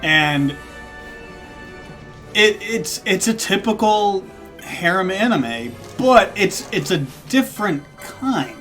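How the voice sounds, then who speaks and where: A man's voice: high voice, expressive, takes it slowly, fairly bright tone. A young man streaming a game, chatting casually, laughing often and thinking aloud while he plays. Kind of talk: casual gaming stream chat. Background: game music.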